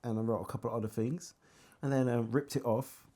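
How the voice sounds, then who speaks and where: Animated Birmingham man telling stories. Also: mid-range voice, brisk. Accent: Birmingham English. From England. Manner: animated storyteller, acts out dialogue and sings snippets. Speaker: interview guest, singer. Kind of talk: casual storytelling interview.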